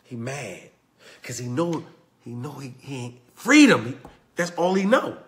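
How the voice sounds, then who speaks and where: A man with a Southern US accent giving a passionate motivational talk, retelling a story in a preachy way that swings from loud to hushed. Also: medium pitch, very animated, a little slow. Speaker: motivational speaker.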